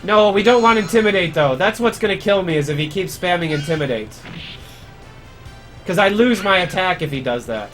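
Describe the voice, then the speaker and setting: A man's voice: high voice, lively intonation, a little fast, a bit bright, soft background music. A man giving casual live commentary on his speedrun, chatty and grumbling about mistakes. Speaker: speedrunner streamer.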